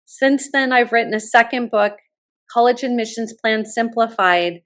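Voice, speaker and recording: A middle-aged woman, a college admissions consultant, telling stories with lively enthusiasm as a podcast guest. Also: on the high side, moderate pace. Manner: animated, enthusiastic storyteller. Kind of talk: podcast interview, personal storytelling.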